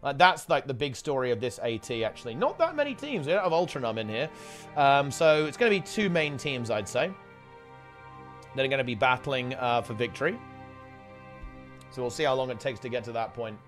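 A male esports commentator casts a live online game tournament in a chatty, rambling style, often correcting himself mid-sentence. His mid-range voice is fairly bright, with lively intonation and a slightly fast pace, and faint music plays behind him.

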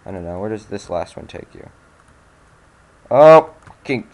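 A man's voice: deep voice, steady tone, quick pace, creaky, mellow. A young man giving casual commentary on a game he is playing, sarcastic and swearing, with sudden frustrated outbursts. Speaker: let's play gamer.

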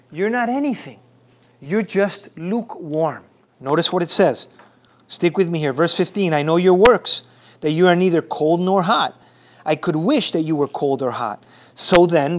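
A man preaching a sermon as pastor, repeating phrases and calling for responses from the congregation. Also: on the high side. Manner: repetitive, emphatic.

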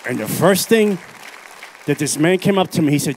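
A man's voice: fairly high pitch, animated, normal speed, some chatter behind, a little hiss or hum. A man from New York City, an evangelist preaching his personal testimony into a handheld microphone at a church service, intense and emphatic, repeating his phrases.

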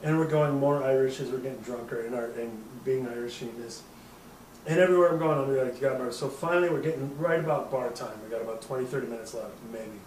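A man's voice: mid-range voice, fast talker, a little mellow, roomy sound, distant mic, slight background noise, low-quality recording. A man in his thirties hosting a podcast, telling a rambling, profane drinking story and laughing at himself. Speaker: podcast host. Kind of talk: casual storytelling.

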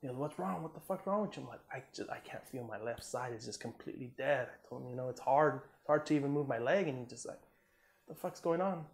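Speaking at a quick clip in a mid-range voice, this Southern California man, a combat vet from the Army, relates a war story during a casual interview. He's relaxed and curses freely, leans on "man" and "you know," and performs the dialogue.

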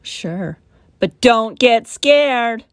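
A woman voicing a touchy female monster with a rasping voice who snaps back. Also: fairly high pitch, expressive, drawn-out words, no room sound, clean studio sound. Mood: snippy. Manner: sharp, defensive. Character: snappy female monster with a bow.

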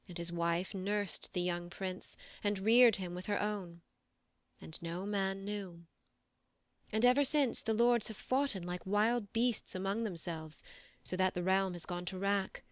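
A woman narrating an audiobook of classic verse, reading in a measured, steady manner into a close studio microphone. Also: medium pitch, smooth, no echo. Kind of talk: scripted poetry narration.

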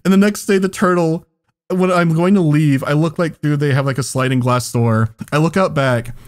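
A man's voice: a little high, moderate pace. A man on a podcast telling a story in casual chat, laughing often and swearing as he goes. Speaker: podcast co-host.

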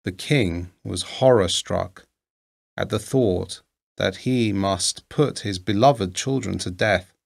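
Guy reading a fairy tale out loud, low gravelly voice, takes his time. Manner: measured, deliberate storytelling. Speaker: narrator.

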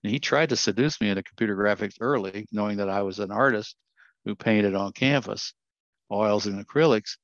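An older man talks through his slides as a guest speaker, earnest and quick to correct himself mid-sentence. His voice sits low, and the video call sound is dull and lo-fi. The room around him is dry, with no echo. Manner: earnest, self-correcting storyteller. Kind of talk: slide presentation talk.

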